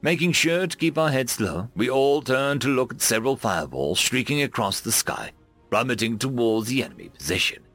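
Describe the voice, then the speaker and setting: A man narrates a military science fiction story in a middle-pitched voice. His delivery is dramatic and swings widely in pitch. Faint music plays underneath. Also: fairly quick. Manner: lively, dramatic reading with raised voices for dialogue. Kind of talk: scripted sci-fi story narration.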